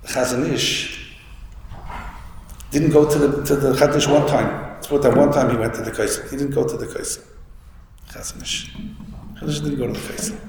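A man tells a story in a Torah lecture, restarting phrases as he goes. His voice is gravelly and mid-pitched. The sound rings through a large hall with long reverb. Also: fairly even intonation, brisk, pauses often, darkish tone. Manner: storytelling, with many restarts and Hebrew and Yiddish terms. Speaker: rabbi giving a Torah talk. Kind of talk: Yiddish-inflected Torah lecture. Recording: echoey hall with faint room noise.

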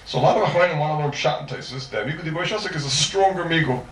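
A man's voice: on the high side, rapid-fire. Man giving a talmud class, echoey room. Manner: lively, rhetorical questions, mixes Hebrew and Aramaic terms. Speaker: Talmud teacher. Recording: roomy echo, mic far off, faint noise.

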